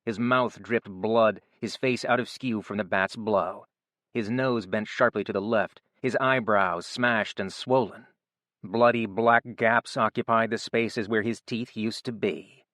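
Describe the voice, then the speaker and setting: A man narrating an audiobook in a steady, even storytelling voice. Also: lowish voice, a little slow, dry recording, studio quality. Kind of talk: scripted narration.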